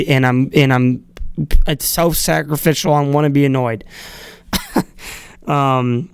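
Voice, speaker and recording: A man talks on his own in a loose, rambling podcast monologue, with many fillers and little chuckles between thoughts. His voice is smooth and resonant at a middle pitch, and the sound is close and dry. He swears freely in an easygoing, irreverent way. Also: steady tone, slow pace, pauses often, dry recording. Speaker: podcast host. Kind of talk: casual solo monologue.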